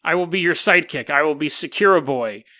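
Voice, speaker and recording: A man's voice: fairly high pitch, lively intonation, brisk, sharp tone. A man doing an eager sidekick guard. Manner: earnest, eager to please. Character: eager male security guard sidekick, earnest and dutiful.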